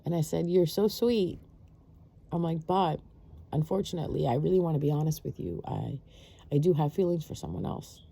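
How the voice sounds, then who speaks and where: A woman's voice: low voice, expressive, moderate pace, creaky, warm tone, slightly rough. A woman telling a personal story in a rambling, casual way, full of fillers and restarts.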